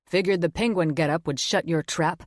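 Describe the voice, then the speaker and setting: A woman voicing a blunt, teasing older father who booms and talks crude. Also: normal speed, dry recording, studio quality, lightly acted. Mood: smug. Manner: booming, crude, wisecracking.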